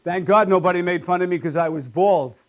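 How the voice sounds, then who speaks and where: High-voiced wry stand-up comic. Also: male voice, a little fast. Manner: wry, self-deprecating punchline delivery. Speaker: stand-up comedian. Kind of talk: live stand-up routine. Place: small live comedy stage.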